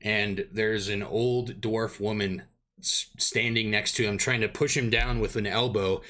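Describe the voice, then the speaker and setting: A man's voice: lowish voice, fairly even intonation, measured pace, bright, forceful tone. A man running a tabletop game as dungeon master, narrating in a rambling way with many fillers.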